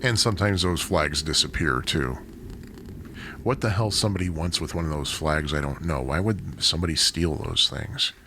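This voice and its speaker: Deep-voiced man vlogging from a bike. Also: moderate pace, pushed and bright. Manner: rambling, chatty, self-deprecating asides. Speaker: cycling vlogger. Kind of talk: casual narration while riding a bike. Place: outdoors on a city bike trail and streets. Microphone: bike- or body-mounted action camera. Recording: outdoor wind and traffic noise.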